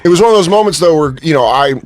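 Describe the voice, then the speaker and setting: A man's voice: a little high, rapid-fire, dry recording, clean studio sound. A man, a guest comedian, telling stories in casual banter and acting out other people's lines. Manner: animated, acts out others' lines in his stories. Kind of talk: casual studio banter, storytelling.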